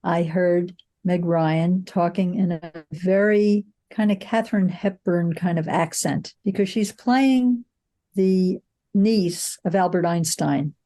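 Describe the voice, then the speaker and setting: An older woman who works as a film producer answers interview questions in a lowish, warm voice, taking her time. She tells reflective stories, often saying "you know" and restarting her sentences.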